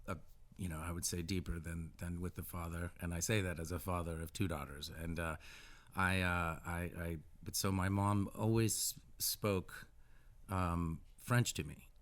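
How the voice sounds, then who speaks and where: A middle-aged American man talking as a musician guest in a casual radio interview, halting with many restarts and animated asides. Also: low voice. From United States.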